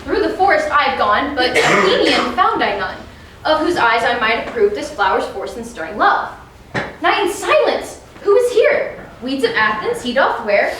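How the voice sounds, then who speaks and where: A woman playing a mischievous fairy sprite on a live stage, with a bright, excited delivery that leaps in pitch. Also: moderate pace. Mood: sly. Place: theater stage. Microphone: far camera in the audience. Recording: echoey theater from far off, background noise.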